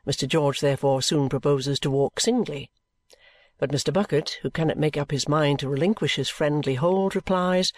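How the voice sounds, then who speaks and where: A male audiobook narrator reading a classic novel in an even, measured storytelling manner. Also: fairly high pitch, dry recording.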